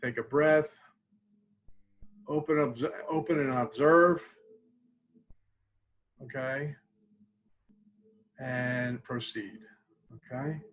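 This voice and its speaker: A man's voice: mid-range voice, steady tone, very slow, long pauses, fairly bright tone, slight background noise, low-quality recording. A man, a student support clinician, leading a live counseling webinar in a casual, conversational way, guiding tapping and mindfulness exercises and checking in with "okay?" after nearly every point. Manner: conversational, tags lines with "okay?".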